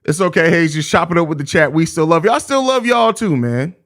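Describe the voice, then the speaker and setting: A man's voice: fairly high pitch, expressive, brisk, fairly bright tone. A young man with a Chicago accent hosting a live postgame show, ranting heatedly and cursing. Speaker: podcast host.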